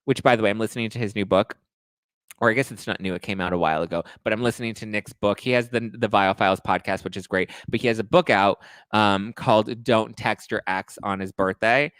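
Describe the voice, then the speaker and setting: A man's voice: fairly low pitch, fairly quick, a bit bright, smooth, dry recording. A male host recapping reality TV gossip in a casual, crude, playful way. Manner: gossipy, crude, playful, breaks into song snippets.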